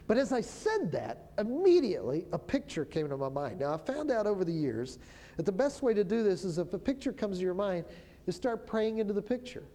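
A minister telling a story of prophesying over people, in a relaxed conversational way that often stops and restarts. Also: medium pitch, a little fast. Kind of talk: storytelling testimony.

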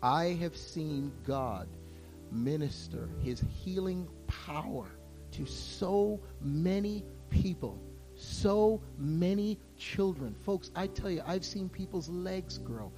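A man preaching a sermon to his church, his voice moving between hushed, intimate passages and loud, impassioned outbursts. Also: high-pitched, animated, slow, faint music behind. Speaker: pastor.

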